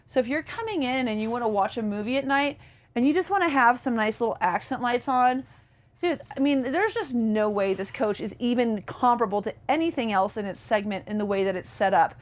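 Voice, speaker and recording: A woman giving a casual, chatty walkthrough of a motorhome as a presenter, enthusiastic and full of fillers. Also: fairly high pitch. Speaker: RV sales presenter. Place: inside a motorhome.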